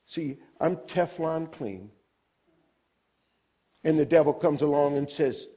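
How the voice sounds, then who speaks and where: Older man, preacher, slow sermon delivery, emphatic swells and soft drops, questions to the congregation. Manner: emphatic preaching, swells high and loud on key points then drops low and soft.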